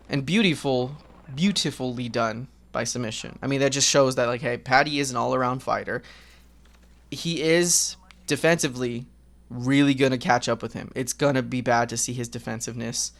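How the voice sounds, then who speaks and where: A man with a gravelly edge and a mid-range voice chats casually into a desk mic while gaming. He rambles candidly, swears freely and leans on fillers like "um" and "like.". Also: medium pitch, fairly bright tone. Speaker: gaming vlogger.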